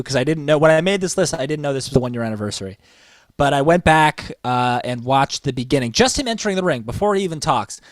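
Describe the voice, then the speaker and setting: A man co-hosting a casual wrestling podcast, telling stories with building enthusiasm. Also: no room sound. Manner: enthusiastic storytelling, rises in pitch when excited. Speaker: podcast co-host.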